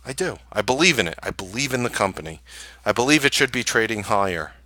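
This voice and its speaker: A man hosting a live trading stream, ranting casually to viewers in an animated, exasperated way and scoffing with short laughs. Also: lowish voice, fast talker, dry recording.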